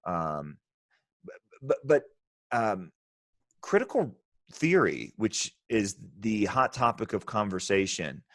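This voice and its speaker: Man, podcast host, very low voice, dry close sound, emphatic casual discussion. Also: sing-song, takes it slowly, long pauses, a bit bright, dry recording. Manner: emphatic, thinking aloud.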